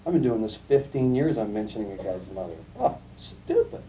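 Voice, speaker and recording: A middle-aged man giving a classroom lecture, telling anecdotes in a calm, emphatic storytelling way. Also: on the low side, quick pace. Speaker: guest lecturer. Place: lecture room. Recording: distant mic, faint room noise, archival tape.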